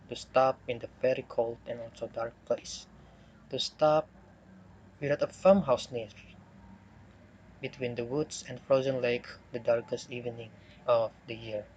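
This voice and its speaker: A man's voice: medium pitch, darkish tone, slight background noise. A young man whose first language is Indonesian, presenting a poem analysis for a class assignment in a hesitant way, with frequent fillers and self-corrections.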